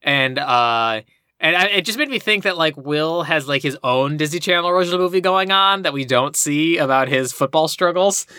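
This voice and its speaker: A man's voice: on the high side, normal speed, sharp tone, clean tone, no echo, clean studio sound. A man co-hosting a podcast, recapping a story in a rambling, casual way with lots of filler words. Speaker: podcast co-host.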